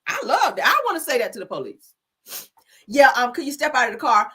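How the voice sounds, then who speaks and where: A woman host, giving profane, animated commentary, laughing often and mimicking people. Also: sits high, a little fast, husky. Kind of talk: casual talk-show commentary.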